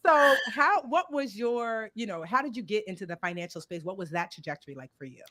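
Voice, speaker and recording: A woman's voice: medium pitch, lively intonation, fast talker, a bit bright. A woman hosting a livestream, playful and upbeat, speaking in a slangy, casual way. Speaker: host.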